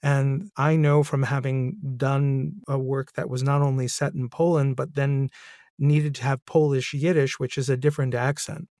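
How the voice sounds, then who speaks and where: A man's voice: medium pitch, fairly even intonation, moderate pace, darkish tone, no echo, clean studio sound. A man hosting a podcast interview, a narrator himself, talking questions through thoughtfully with light laughs. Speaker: podcast host and audiobook narrator.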